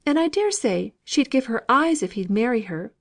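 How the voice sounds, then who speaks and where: Woman reading a sharp, impatient young lady, raised high above the reader's usual voice, snappish, storybook character. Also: big pitch swings, creaky. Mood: scornful. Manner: insistent, shrill and quick to contradict.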